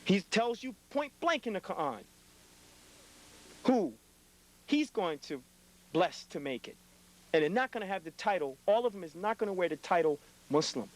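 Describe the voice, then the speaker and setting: Man, young adult, high-pitched, blunt, lecturing, impassioned monologue. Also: very animated, moderate pace, pauses often, poor audio. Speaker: lecturer addressing his community.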